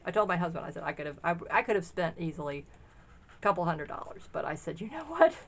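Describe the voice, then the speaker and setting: A middle-aged woman chatting casually in a vlog, gushing and rambling excitedly as she shows off vintage craft finds. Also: low voice, fast, creaky, dull audio. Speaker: craft shop owner sharing a haul.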